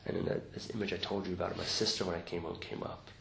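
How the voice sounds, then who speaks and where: Gravelly man giving a reflective talk. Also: deep voice, little pitch movement, rapid-fire, a bit bright. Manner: reflective, conversational, tags many sentences with "right?". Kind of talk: informal dharma talk to a group. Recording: roomy recording with faint noise.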